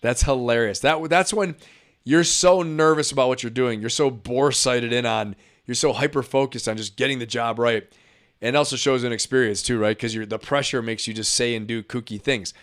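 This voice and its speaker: Middle-aged male streamer, casual and chatty reaction commentary, laughs a lot, mid-pitched voice. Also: fairly quick, a bit bright. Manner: chatty, laughs often, talks to chat viewers. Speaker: live stream host reacting to videos.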